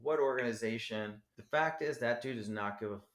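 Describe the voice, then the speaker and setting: A man's voice: medium pitch, a little fast, a bit bright. A man from New Jersey talking as a podcast guest, rambling and profane, packing his talk with "you know". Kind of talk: casual interview chat. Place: podcast studio. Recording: roomy echo.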